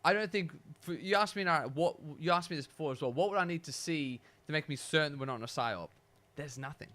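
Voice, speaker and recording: A man's voice: fairly high pitch, quick pace, sharp tone. A man co-hosting a podcast in casual chat, musing aloud, asking questions and agreeing readily. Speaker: podcast co-host.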